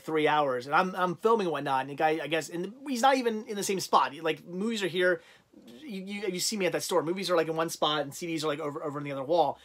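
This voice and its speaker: Animated rambling man hosting a livestream. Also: a little high. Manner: rambling, animated storytelling with many restarts. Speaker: livestream host. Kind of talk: casual livestream chat.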